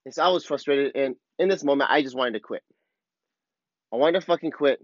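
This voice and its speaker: A man's voice: medium pitch, a little fast, dry recording, highs cut off. A man talking as a surf coach in a casual, rambling monologue, candid and full of swearing, recorded on a clip-on mic. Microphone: clip-on wireless mic.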